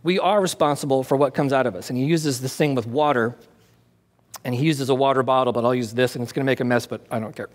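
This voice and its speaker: A man's voice: mid-range voice, fast talker, long reverb tail. A man preaching a conversational sermon as pastor, with demonstrations.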